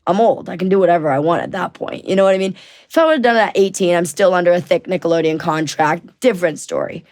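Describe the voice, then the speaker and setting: A woman's voice: fairly low pitch, fast, a little mellow. A woman in her twenties, a podcast guest telling stories animatedly, often restarting and acting out what people said. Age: 20s. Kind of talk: casual storytelling interview.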